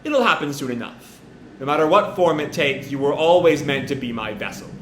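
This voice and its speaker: A man voicing a cold, taunting male alien being in a slow, low reading. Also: animated, a bit bright, slight background noise. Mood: menacing. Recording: roomy echo.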